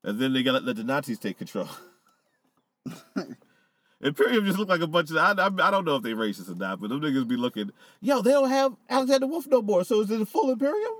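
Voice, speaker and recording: A man's voice: high-pitched, quick pace, no echo. A man chatting casually on a podcast, swearing freely and often laughing. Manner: animated, profane, laughs often. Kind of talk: casual chat.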